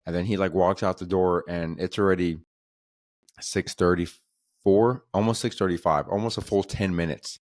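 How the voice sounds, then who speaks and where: A man's voice: sits low, fairly even intonation, moderate pace, darkish tone, dry recording, clean studio sound. A man hosting a comedy podcast, telling a rambling story in a profane, exasperated way.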